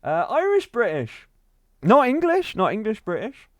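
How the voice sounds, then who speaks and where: A man's voice: high-pitched, huge pitch swings, unhurried, a bit bright, no room sound. A man streaming a game and chatting casually to his viewers, rambling and repeating himself with frequent chuckles. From Wales. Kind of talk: casual livestream chat to viewers.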